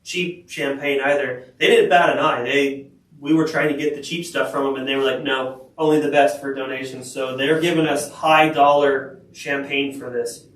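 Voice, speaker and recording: A man's voice: medium pitch, fairly even intonation, normal speed, fairly bright tone. A male radio co-host chatting casually and chiming in with jokes. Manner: jokey, interjecting sidekick. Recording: roomy, distant mic with faint noise.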